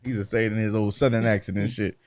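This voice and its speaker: A man hosting a casual religious discussion on a radio show, lively, acting out quoted voices and cursing freely. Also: on the low side, very fast. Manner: animated, acts out quoted voices, swears.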